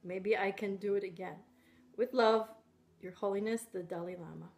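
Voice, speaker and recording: Woman playing a kindly old holy man, slow, simple clipped phrasing. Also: medium pitch, fairly even intonation, darkish tone, voice pushed down, close to an everyday voice. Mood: gentle. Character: elderly male spiritual leader, gentle and playful.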